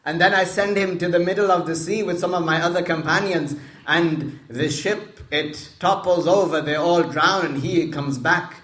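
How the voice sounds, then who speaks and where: A man with a fairly high voice retells a religious story to listeners. He repeats himself for emphasis, stops to explain Arabic words and puts questions to the room. The room gives his voice a roomy echo. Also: fairly even intonation, normal speed, a bit bright.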